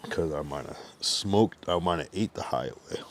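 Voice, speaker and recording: A young male streamer with a low, expressive voice chats loosely on a livestream at a moderate pace, full of slang and swearing. He's drunk, stuffed from overeating, and a little out of breath.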